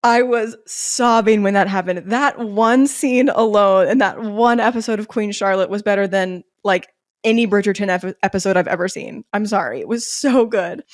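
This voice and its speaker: A woman's voice: mid-range voice, dry recording, studio quality. A young woman in her twenties hosting a podcast in casual, candid chat, with many "like" fillers. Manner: chatty and candid, with frequent "like" fillers. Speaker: podcast host.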